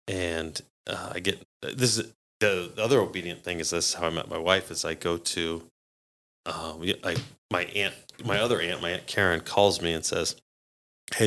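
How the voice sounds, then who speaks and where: Low gravelly man telling stories. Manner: animated, acts out quoted voices with laughs. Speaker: podcast guest. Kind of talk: casual storytelling.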